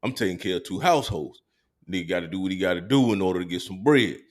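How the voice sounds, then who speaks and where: A man hosting a podcast, telling stories in relaxed casual chat and meandering with plenty of fillers. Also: deep voice, quick pace. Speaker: podcast host.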